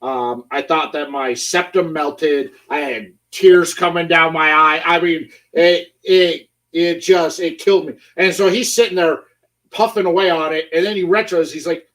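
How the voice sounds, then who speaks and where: A male host chats playfully and tells stories, his voice a little high. He sounds set back a bit from the microphone. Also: steady tone, measured pace, a bit bright. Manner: chatty, playful storyteller. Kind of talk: casual chat. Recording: voice a bit far from the mic.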